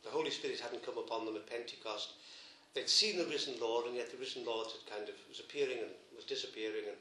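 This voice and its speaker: A man's voice: mid-range voice, quick pace, a little hiss or hum. Man preaching in an echoey church. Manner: gentle storytelling, emphatic repetitions. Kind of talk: sermon.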